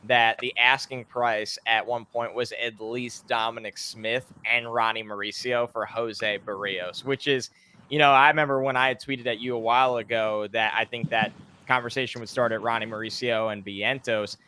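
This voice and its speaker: A man hosting a casual sports talk show, with an upbeat, quick delivery. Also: mid-range voice, fairly even intonation, bright, forceful tone, clear, resonant tone. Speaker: podcast host.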